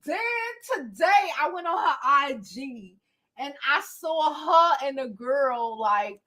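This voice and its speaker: A woman vlogger telling a casual storytime to her viewers, animated and profane, often breaking into laughter. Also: high-pitched, takes it slowly. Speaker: beauty vlogger.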